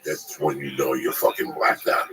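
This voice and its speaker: A male comedian telling crude, animated stories in casual chat, acting out the people in them. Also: moderate pace, crowd noise, low-quality recording.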